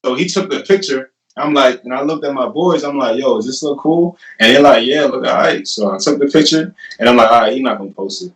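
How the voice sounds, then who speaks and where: A man in his twenties, a guest, telling his story in a casual, animated way with laughter. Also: mid-range voice, fairly quick, hardly any pauses. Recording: roomy, distant mic.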